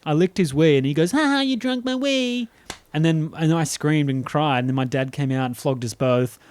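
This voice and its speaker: A man's voice: mid-range voice, level tone, brisk, darkish tone, no room sound. A man co-hosting a podcast, telling rambling anecdotes full of restarts and laughter. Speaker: podcast co-host. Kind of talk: casual storytelling chat.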